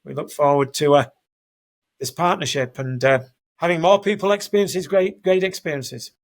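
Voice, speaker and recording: Man, Northern English accent, fifties, higher-pitched, rambling and chatty, self-correcting. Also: normal speed. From Northern England. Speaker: guest, soccer program leader. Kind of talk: conversational interview. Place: home, house in Denver.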